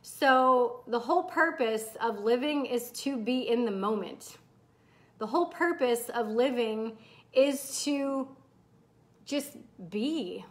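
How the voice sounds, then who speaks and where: A middle-aged woman hosting a casual live chat, candid and swearing freely, bursting into excited whoops as she reads comments. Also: on the high side, takes it slowly. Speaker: host.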